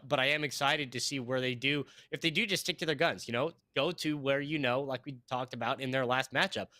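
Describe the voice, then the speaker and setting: A man calling a live esports match with a bright, forceful voice. He rambles and laughs easily, and the sound is dry and close on a headset mic. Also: mid-range voice, no room sound. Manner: rambling, excitable, quick to laugh. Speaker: esports caster.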